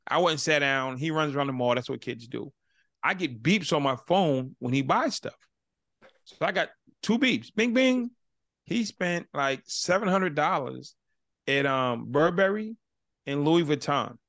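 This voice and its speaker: Animated gravelly male storyteller. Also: a little high, measured pace, no room sound, clean studio sound. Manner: animated storyteller acting out dialogue. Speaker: guest, motivational speaker. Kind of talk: casual interview storytelling.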